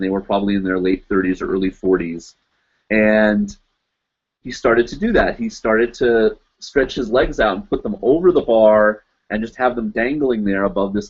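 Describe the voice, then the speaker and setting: Livestream host, male, somewhat low pitch, loose chatty anecdote delivery with constant fillers, dull recording. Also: darkish tone, breathy edge. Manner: rambling, loaded with "you know" and "like". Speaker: live chat show host. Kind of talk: casual storytelling.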